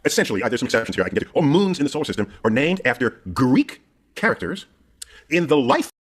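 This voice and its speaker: Man, low husky voice, very fast talker; rambling, chuckling science explainer. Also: sing-song. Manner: rambling, repeats words, chuckles often. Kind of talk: casual explanatory chat.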